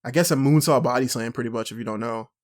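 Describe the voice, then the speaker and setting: A young man co-hosting a podcast, chatting excitably, laughing often and swearing a lot. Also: mid-range voice, fast. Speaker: podcast co-host. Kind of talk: casual chat.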